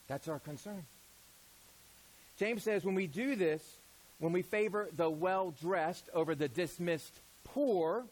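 In this poorly recorded sermon, a pastor asks rhetorical questions and lengthens important words to stress them. Midway through his points he frequently drops to a hushed, low voice.

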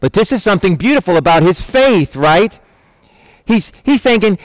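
A man preaching a sermon, lively and conversational, often asking "right?" and acting out quoted lines in changing voices. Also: high voice, normal speed, no echo.

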